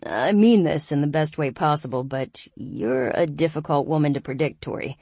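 A woman's voice: moderate pace, warm tone, breathy edge, dry recording. A woman reading as a teasing young man. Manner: dry, laid-back teasing, turning low and terse. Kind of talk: audiobook character reading.

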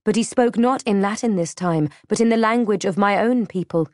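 A woman reads a first-person story with measured, dramatic pacing. Her voice sits at a middling pitch. The recording is close and dry. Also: darkish tone, no echo. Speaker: audiobook narrator. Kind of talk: scripted first-person narration.

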